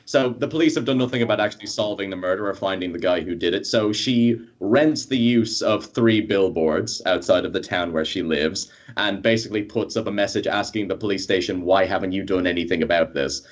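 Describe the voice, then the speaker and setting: An Irish man with a very deep, low voice, a podcast guest in casual chat. He talks earnestly and at length about a favourite film. The sound is muffled and lo-fi, like a remote call. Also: brisk, few pauses. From Ireland. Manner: earnest, long-winded film opinions.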